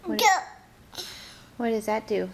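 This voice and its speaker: A woman at home coaxing a toddler with slow, encouraging, sing-song prompts. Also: on the high side, animated. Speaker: parent.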